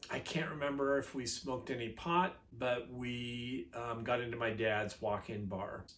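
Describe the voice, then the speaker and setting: A man's voice: medium pitch, steady tone, a little slow, fairly bright tone. A middle-aged man telling a personal story from his youth in a chatty, rambling way, with fillers and self-corrections.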